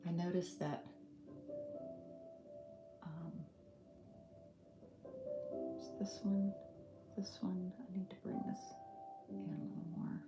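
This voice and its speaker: A middle-aged woman from Western North Carolina with a Southern accent, teaching a casual live painting tutorial, thinking aloud with many ums and soft laughs. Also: lowish voice, fairly even intonation, slow, pauses often. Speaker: art instructor. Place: home art studio. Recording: roomy studio with guitar music behind.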